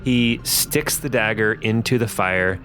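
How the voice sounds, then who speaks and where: A man's voice: fairly low pitch, a little slow, fairly bright tone, soft background music. Man narrating a tabletop game. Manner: fillers and restarts, descriptive narration. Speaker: game master and host.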